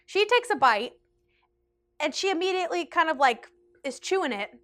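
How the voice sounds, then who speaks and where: A young woman telling a restaurant story in a chatty storytime vlog, animated and peppered with "like". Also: extremely high pitch, moderate pace. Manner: chatty and animated, heavy use of like. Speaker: vlogger. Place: indoors, seated in a rotating chair.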